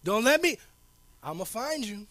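A male pastor preaching a sermon in an informal, slangy way. He repeats key phrases for emphasis and swings between loud declarations and low asides. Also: sing-song, unhurried, no echo.

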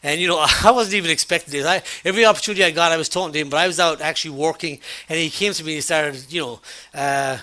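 A man preaching a sermon, talking conversationally through a personal story, with frequent restarts and an animated retelling of dialogue. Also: on the high side, rapid-fire. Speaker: pastor.

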